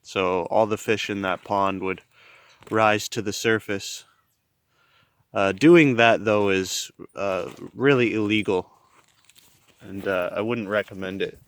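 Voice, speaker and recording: Young guy, slow rambling outdoor vlog narration, lowish voice, swears now and then. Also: steady tone, clear, resonant tone, no echo. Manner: rambling, swears, plain-spoken. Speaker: outdoor vlogger. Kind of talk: casual hiking narration. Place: outdoors on a trail.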